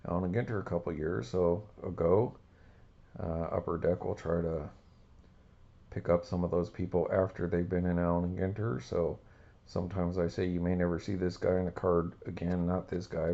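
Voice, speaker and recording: Low gravelly man rambling over cards. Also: warm tone, dull audio. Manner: rambling, laid-back, with many fillers. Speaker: card-collecting channel host. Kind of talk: casual card-opening commentary.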